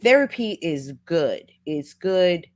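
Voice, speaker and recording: Chatty woman hosting a livestream, lowish voice. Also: lively intonation, slow pace. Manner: chatty, reads viewer comments aloud, laughs often; folksy, calls listeners baby and honey. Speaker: livestream host. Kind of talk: casual motivational livestream talk.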